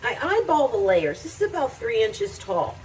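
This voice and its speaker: A woman's voice: on the high side, big pitch swings, moderate pace, a little mellow, distant mic, a little hiss or hum, low-quality recording. A woman making a home cooking video, chatting to viewers as she cooks and laughing often. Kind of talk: casual cooking demonstration. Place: home kitchen.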